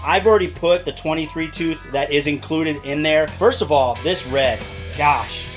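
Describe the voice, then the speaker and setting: A man's voice: a little high, normal speed. An enthusiastic, chatty man, giving a casual product walkthrough with many fillers. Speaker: RC product reviewer. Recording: music playing underneath.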